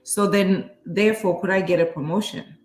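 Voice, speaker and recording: A woman's voice: on the low side, steady tone, moderate pace, a little mellow, roomy sound, a little hiss or hum. A woman co-hosting a casual talk show, speaking directly and sharing workplace stories. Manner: direct, matter-of-fact, shares workplace anecdotes. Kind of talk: casual chat.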